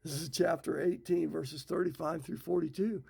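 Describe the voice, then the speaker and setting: Folksy gravelly man telling Bible stories. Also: fairly high pitch, steady tone, moderate pace, darkish tone. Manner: folksy, retells scripture in his own words. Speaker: Bible teacher. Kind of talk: casual Bible storytelling.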